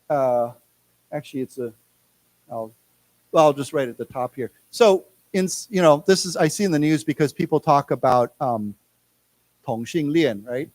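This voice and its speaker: A man with an American accent teaching a live English class, chatting loosely with many restarts and saying words slowly for the class to repeat. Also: on the high side, darkish tone, no room sound. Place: lecture room.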